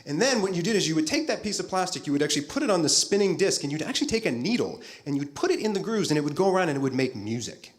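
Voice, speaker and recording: A man's voice: on the high side, very animated, very fast, few pauses. A middle-aged man giving a conference keynote as a futurist, playful and talking straight to the audience.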